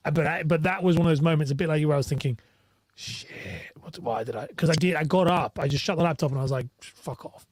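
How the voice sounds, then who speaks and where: A man's voice: fairly high pitch, steady tone, rapid-fire, few pauses, a little mellow, slight background noise. A man with a British accent, a mortgage broker, chatting casually and telling a rambling, candid story with restarts and the odd swear word. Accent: British English. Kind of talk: casual podcast chat.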